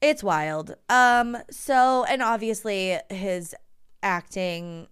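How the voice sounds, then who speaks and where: A woman co-hosting a podcast in chatty, animated talk, using "like" often. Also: medium pitch, extremely slow, clear, resonant tone. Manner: chatty and animated, heavy use of "like". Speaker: podcast co-host. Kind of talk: casual chat.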